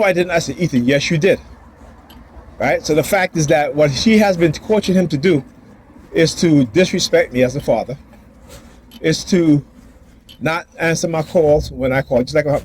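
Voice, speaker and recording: A man's voice: on the high side, animated, a little fast, a little mellow, slight background noise. A father filming himself outdoors, ranting about his family and acting out the arguments in voices. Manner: agitated, repetitive, acts out quoted dialogue. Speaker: father vlogger. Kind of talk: ranting personal vlog. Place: outdoors near a building and street traffic.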